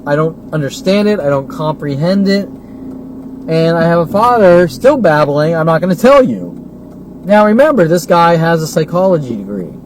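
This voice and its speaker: A man in his forties vlogs from a driving car, his voice a little high and very animated at normal speed. He rants in an agitated, repetitive way, asking rhetorical question after rhetorical question, over the noise of the car.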